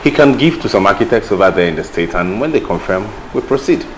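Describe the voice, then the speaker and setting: A wary rich man in disguise played by a Nigerian actor speaks curtly and in a businesslike way, in a very deep voice. Clear music plays underneath. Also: lively intonation, quick pace, lightly acted, poor audio. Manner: curt, businesslike. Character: wealthy man hiding his identity, cool and wary.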